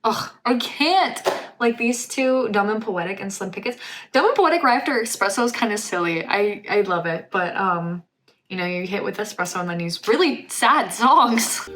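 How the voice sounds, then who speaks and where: A woman's voice: medium pitch, animated, normal speed, fairly bright tone. Gushing woman vlogger, lots of "like". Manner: gushing, filler-heavy talk with lots of "like". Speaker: music reaction vlogger. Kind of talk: casual album review chat.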